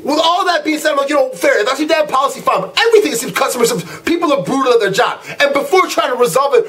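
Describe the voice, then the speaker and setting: A man's voice: extremely high pitch, animated, racing, few pauses, pushed and bright. A young man ranting casually to camera, telling an exasperated story full of slang. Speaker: vlogger ranting.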